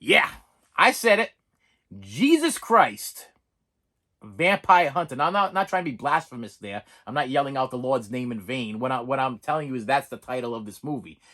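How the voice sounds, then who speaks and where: Animated, lively-pitched man ranting. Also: fast. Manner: animated, rambling, repeats words, laughs often. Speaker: movie reviewer. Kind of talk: casual ranting review.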